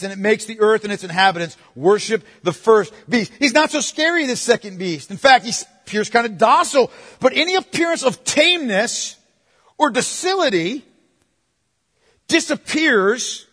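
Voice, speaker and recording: Man, pastor preaching, high-pitched, swings loud to hushed, long hall reverb. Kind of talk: sermon.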